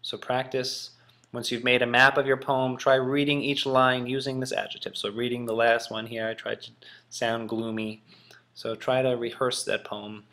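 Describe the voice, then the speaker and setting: A man's voice: mid-range voice, flat delivery, moderate pace, sharp tone. A man teaching in a casual, musing way, thinking aloud with frequent ums. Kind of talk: casual classroom explanation.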